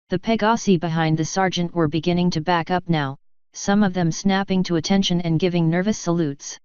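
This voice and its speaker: Female audiobook narrator, steady and even; lower voice, dry close recording. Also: brisk, smooth, dry recording. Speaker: fanfiction reader. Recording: dry, slightly muffled.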